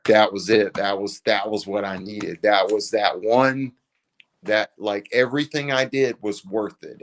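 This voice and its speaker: A man's voice: lowish voice, steady tone, a little slow. Earnest man telling a heartfelt story. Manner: earnest, says "dude" and "man" often, chokes up at times. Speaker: guest. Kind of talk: emotional storytelling in a podcast conversation.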